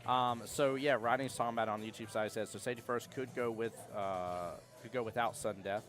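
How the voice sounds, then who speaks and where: A man co-commentating a live pool tournament, excitable as he breaks down scores and standings. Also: mid-range voice, fast, faint music behind. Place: pool hall.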